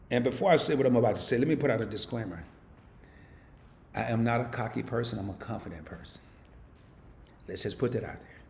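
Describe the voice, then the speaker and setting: A man hosting a casual live stream, reading viewer comments aloud and answering them playfully, swinging from loud hype down to low murmurs. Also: creaky, echoey room, slight background noise. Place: home.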